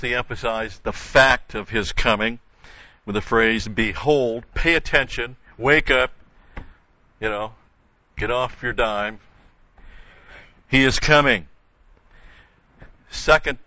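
A man's voice: mid-range voice, pushed and bright, no room sound, muffled recording. An older man teaching a verse-by-verse Bible study, explaining carefully with frequent restarts and emphatic repetition.

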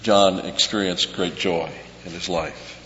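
A man preaching an expository sermon in a slow, deliberate cadence, his voice bright and forceful and a bit low. He repeats key words for emphasis. The sound is dull and carries a long hall reverb over a faint hum. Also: fairly even intonation.

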